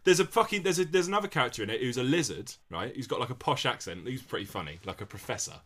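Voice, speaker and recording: A man co-hosting a casual comedic podcast, rambling and acting out film scenes with big jumps in pitch. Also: lively intonation, fast talker, fairly bright tone. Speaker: podcast co-host.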